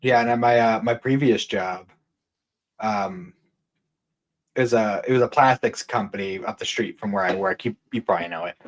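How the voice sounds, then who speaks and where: A man's voice: fairly low pitch, normal speed, low-quality recording. A young man co-hosting a podcast, rambling and swearing casually while telling work stories with frequent laughter. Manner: rambling, profane, laughing often. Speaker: podcast co-host. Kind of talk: casual chat, storytelling.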